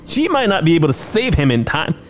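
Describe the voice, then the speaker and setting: Casting: excitable male podcast host, sarcastic recap, high lively voice. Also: a little fast, soft background music. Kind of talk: comedic movie recap.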